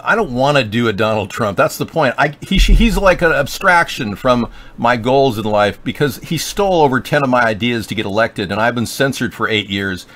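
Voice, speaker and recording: A man's voice: medium pitch, expressive, moderate pace, few pauses, a bit bright. A man hosting a political livestream, rambling and joking with sarcasm. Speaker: livestream show host.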